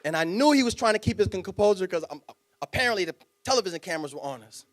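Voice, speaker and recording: A man giving a speech to a club audience, telling a story in an animated, dramatic way with spoken sound effects. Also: high-pitched, rapid-fire. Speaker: guest speaker.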